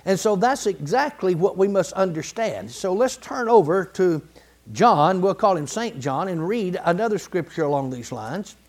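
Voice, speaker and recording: A man preaching a sermon in a folksy, colloquial way, building to emphatic repeated phrases and clearing his throat now and then. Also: sits high, animated, normal speed. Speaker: pastor.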